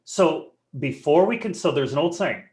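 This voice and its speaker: A man's voice: fairly high pitch, normal speed. Joking man presenting a live webinar. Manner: joking, conversational, animated delivery.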